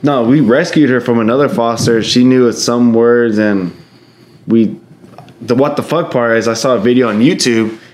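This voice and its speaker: A man's voice: mid-range voice, normal speed, a little mellow. A man casually telling a story among friends, slangy and swearing freely.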